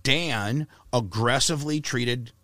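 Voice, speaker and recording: A man guesting on a podcast, talking in a blunt, profane, rambling way and clearing his throat often. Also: medium pitch, slow, bright, forceful tone, dry recording. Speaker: radio personality guest. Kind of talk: casual podcast chat.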